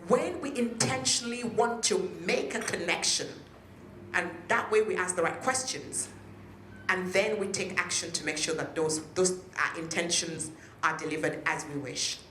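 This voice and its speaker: A woman's voice: lowish voice, moderate pace, fairly bright tone, slight background noise. A woman giving a speech to an audience at a peace event, engaging them with questions. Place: hotel function room. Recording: echoey room.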